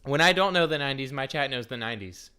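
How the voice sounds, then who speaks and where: A man hosting a live stream in a bright, forceful voice, bantering loosely with his chat. He jumps from thought to thought with playful jokes. His delivery is smooth and crisp. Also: medium pitch, animated, fast talker. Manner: scattered, jokey, talks straight to the chat. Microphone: desk microphone.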